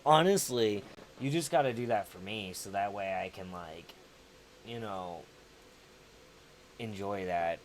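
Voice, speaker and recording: A man's voice: fairly low pitch, unhurried, pauses often, slight background noise. Laid-back Southern man chatting. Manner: laid-back, rambling, profane. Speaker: livestream host. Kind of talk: casual chat with viewers.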